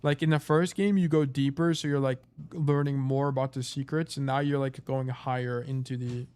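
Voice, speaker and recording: A man streaming himself playing a game, thinking out loud in casual, rambling talk full of "like" and "you know". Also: mid-range voice, steady tone, normal speed, clear, resonant tone. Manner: rambling, thinking aloud, lots of "like".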